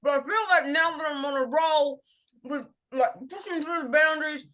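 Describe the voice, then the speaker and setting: High-voiced aussie woman improvising, giggly, stop-start, playful. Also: bright, forceful tone. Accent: Australian. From Australia. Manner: giggly, halting restarts, playful. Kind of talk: improvised stage comedy.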